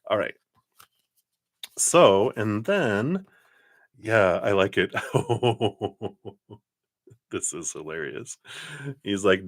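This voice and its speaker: A man giving a live tarot card reading in a relaxed, chatty way, often laughing. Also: on the low side, extremely slow, long pauses, no room sound, studio quality.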